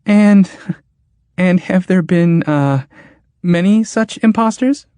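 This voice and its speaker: A man's voice: high-pitched, slow, dark tone, smooth, no room sound, voice pushed up. Man voicing a timid stammering inventor, raised thin voice, hesitant, audiobook. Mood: nervous. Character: nervous, timid male inventor constructor.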